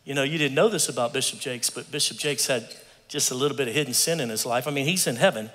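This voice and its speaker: A man's voice: mid-range voice, fast talker, fairly bright tone, a little hiss or hum, lightly acted. A man preaching voices Jesus in a joke, speaking matter-of-factly as he tours heaven. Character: deadpan male Jesus giving a heavenly tour. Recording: long reverb of a large hall.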